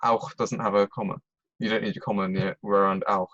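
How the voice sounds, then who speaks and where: Patient low-voiced male language tutor. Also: little pitch movement, fairly quick, a bit bright, dry recording, highs cut off. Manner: patient, explains step by step with frequent checks. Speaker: German tutor. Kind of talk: online tutoring lesson.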